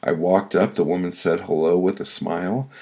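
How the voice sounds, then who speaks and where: Low gravelly man reading his own story. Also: steady tone, normal speed, dark tone. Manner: blunt and profane, building frustration in the telling. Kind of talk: first-person prose reading.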